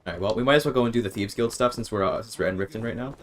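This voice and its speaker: A man's voice: lowish voice, very fast, a bit bright, slight background noise. A man streaming a game, rambling and thinking aloud, often interrupting himself and swearing casually. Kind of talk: casual gaming stream chat.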